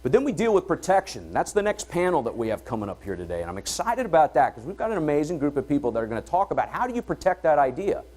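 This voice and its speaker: A middle-aged man hosting a conference, speaking to an audience in an energetic, conversational way and often checking in with "all right?". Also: on the high side, fast, hardly any pauses. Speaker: event host and entrepreneur. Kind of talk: conference opening talk. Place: conference hall before an audience.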